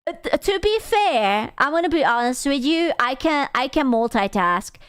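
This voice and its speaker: High-voiced woman streamer, crude teasing banter. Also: animated, normal speed, dry recording, studio quality. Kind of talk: casual live-stream chat.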